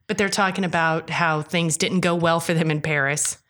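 A woman's voice: sits low, steady tone, normal speed, a bit bright. Joking woman co-host trading quips. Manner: jokey, chimes in with quips and laughter. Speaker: podcast co-host. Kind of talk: casual chat.

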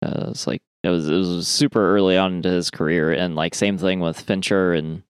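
A man's voice: sits low, fairly even intonation, a little fast, smooth, dry recording, clean studio sound. A man co-hosting a film podcast, rambling in casual chat with lots of fillers and swearing. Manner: rambling, many fillers, swears and laughs easily. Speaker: podcast co-host.

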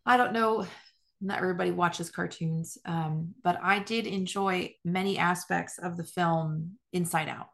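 A woman's voice: on the low side, fairly even intonation, measured pace, vocal fry. A woman hosting a casual faith conversation, agreeing with her guest and adding her own thoughts.

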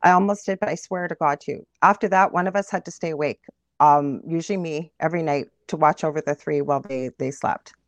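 A woman from Canada speaks as an interview guest, pitched a little low and recorded dry and close. She retells her story vividly and with animation, as if reliving it. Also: fairly even intonation, brisk, dry recording, muffled recording. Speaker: guest medium.

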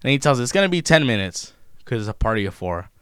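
A young man, telling stories in a loose, profane, animated way in casual chat. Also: mid-range voice, fast, smooth, no echo, studio quality. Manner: profane, animated retelling of customer-service run-ins.

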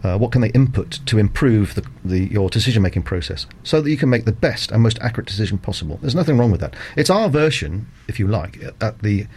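A middle-aged man with a fairly low voice gives methodical, careful answers as a radio interview guest, filling his pauses with ums and uhs. Each point comes step by step and deliberately. A faint hiss sits underneath. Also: expressive, a little mellow. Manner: measured, methodical explanations with frequent "um" and "uh". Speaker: cricket umpire, interview guest.

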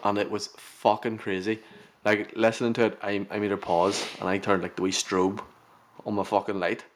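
A man's voice: on the low side, little pitch movement, normal speed. A young man co-hosting a podcast, telling stories animatedly and swearing. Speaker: podcast co-host. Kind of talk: casual chat.

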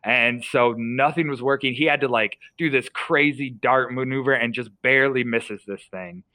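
A man's voice: medium pitch, normal speed, pushed and bright, dry recording, rough recording. A young man, a podcast co-host, casually retelling a story with lots of fillers and restarts.

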